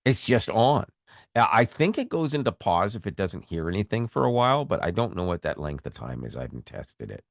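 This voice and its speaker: A man co-hosting a tech podcast in casual chat, animated, often laughing and repeating words. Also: on the low side, a little fast, gravelly, dry recording. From Canada. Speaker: podcast co-host.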